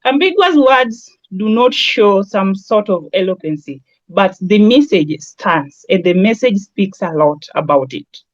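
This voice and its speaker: A woman's voice: mid-range voice, animated, measured pace, no room sound. Kenyan woman teaching, with a dry, muffled sound. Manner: conversational, with lots of everyday examples and Swahili asides. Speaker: branding trainer. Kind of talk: lecture.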